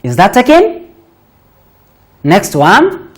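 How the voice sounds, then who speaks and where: Slow, lively-voiced woman teaching phonics. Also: mid-range voice. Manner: slow, deliberate, praising pupils often. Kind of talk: phonics lesson for children.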